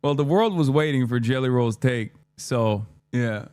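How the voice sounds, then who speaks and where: A man's voice: mid-range voice, a little slow, a little mellow, smooth, dry recording. A man streaming his reactions to clips, mocking and heated, swearing often and laughing at what he watches. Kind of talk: profane reaction commentary.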